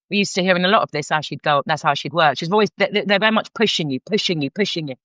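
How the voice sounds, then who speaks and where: A woman's voice: lowish voice, racing, hardly any pauses, dry recording. Frank North London woman, dull sound. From North London, England. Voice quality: frank, animated, many restarts. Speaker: guest, counsellor. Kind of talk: candid storytelling.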